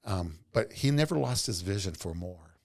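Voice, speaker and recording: Deep, gravelly middle-aged man. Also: lively intonation, moderate pace. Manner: earnest, rambling anecdotes. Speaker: podcast guest, entrepreneur. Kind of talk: casual storytelling interview.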